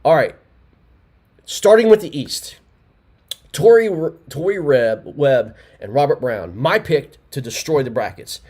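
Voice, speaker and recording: A man's voice: a little high, animated, measured pace, darkish tone, breathy edge. A man hosting a live results stream, rambling with many fillers and restarts, laughing often. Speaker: tournament host.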